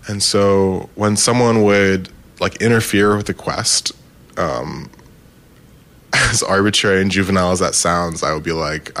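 A man's voice: low voice, steady tone, measured pace, a bit bright. A man telling a personal anecdote casually, rambling with many fillers and laughing at himself. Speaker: storyteller.

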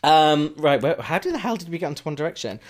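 A man's voice: on the high side, big pitch swings, fast, a crowd in the background. A man co-hosting a podcast, chatting casually with sarcastic, rambling jokes. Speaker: podcast co-host. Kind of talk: casual recap chat.

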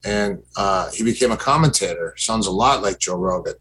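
A man's voice: low voice, animated, moderate pace, fairly bright tone, slight background noise, rough recording. A man, a guest and former fighter, telling long stories in a casual chat, rambling with fillers and restarts and acting out what others said. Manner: rambling, many fillers and restarts, acts out quoted exchanges.

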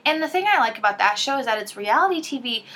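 A woman's voice: on the high side, quick pace. A woman co-hosting a podcast, chatting casually and teasing her sister as she talks. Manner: chatty, teasing, animated retelling. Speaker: podcast co-host. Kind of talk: casual chat.

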